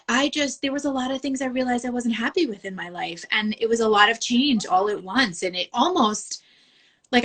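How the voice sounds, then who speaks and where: A woman's voice: fairly high pitch, sharp tone. A woman talking openly as an interview guest, emotional and frank, often laughing and quoting her own thoughts. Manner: open and emotional, laughs often, quotes herself. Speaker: guest, photographer. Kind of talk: candid interview talk.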